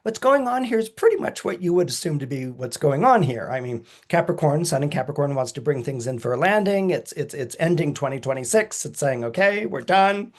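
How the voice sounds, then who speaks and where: A male podcaster covers astrology a little fast and with hardly any pauses. He is animated, chuckles a lot, and acts out quotes with sharp pitch jumps.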